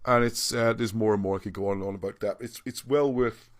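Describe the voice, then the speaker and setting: A man's voice: fairly low pitch, fairly even intonation, fast, dry recording. A man hosting a livestream and reading out viewer comments, rambling and often restarting his sentences. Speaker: livestream host.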